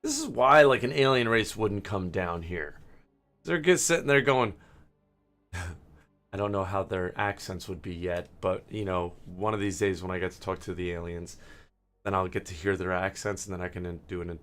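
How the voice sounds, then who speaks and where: A man hosting a gaming channel, rambling and ranting with frequent swearing while he starts a match; his throat is hoarse. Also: low-pitched, moderate pace, fairly bright tone. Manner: profane, ranting, digressive.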